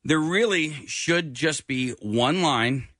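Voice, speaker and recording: A man co-hosting in casual chat, griping in a relaxed, wry way. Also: fairly high pitch, takes it slowly, no room sound, studio quality. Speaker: radio show co-host.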